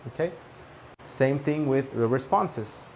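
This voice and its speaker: A man teaching a spoken English lesson, repeating example phrases clearly and checking in with "okay?". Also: medium pitch, lively intonation, slow, darkish tone, a little hiss or hum.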